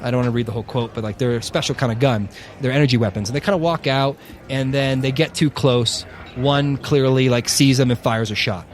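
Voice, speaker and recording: A man recounts a tale on a podcast in a loose, animated way, peppering it with swearing and fillers. He talks quickly, and his voice sits at an average pitch. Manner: animated, profane, rambling with fillers. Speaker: podcast co-host. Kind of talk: casual storytelling.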